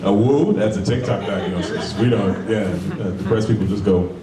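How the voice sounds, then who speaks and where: A man's voice: on the low side, steady tone, normal speed, crowd noise. A stand-up comedian in his forties from Brooklyn, talking in a profane, conversational way with lots of rhetorical asides. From Brooklyn, New York. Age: 40s. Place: comedy club with a live audience. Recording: echoey room, far mic, audience laughter.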